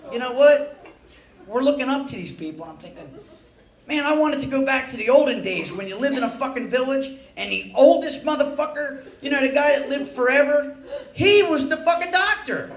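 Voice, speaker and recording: Male stand-up comic with a very high voice, profane and exasperated, echoey club with loud crowd noise. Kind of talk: stand-up comedy set. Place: nightclub stage.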